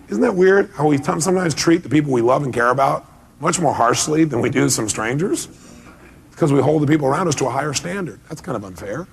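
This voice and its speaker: A man's voice: fairly high pitch, expressive, fast, vocal fry, slight background noise. A man giving a motivational seminar talk, pressing the audience with emphatic rhetorical questions. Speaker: motivational speaker.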